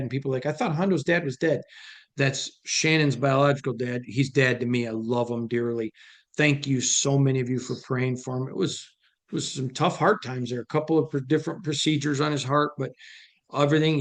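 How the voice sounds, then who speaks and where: A man hosting a casual sports talk show, answering viewer questions in an emphatic, joking manner. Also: medium pitch. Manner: emphatic, preachy, quick to joke. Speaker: host.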